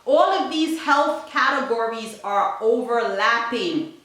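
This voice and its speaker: A bright-voiced woman speaking with emphatic, preachy conviction and repeating her points. Her voice sits a little high. The recording rings with heavy room echo. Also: lively intonation, takes it slowly. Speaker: family vlogger. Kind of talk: motivational talk. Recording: very echoey room.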